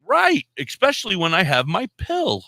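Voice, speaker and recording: A man tells a rambling story on a podcast, cursing freely and jumping into other people's voices as he quotes them. His voice is bright and forceful, and the recording is dry and close with almost no room sound. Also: high voice, moderate pace, gravelly, dry recording. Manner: profane, animated storyteller who acts out quotes. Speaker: podcast co-host. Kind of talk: casual storytelling chat.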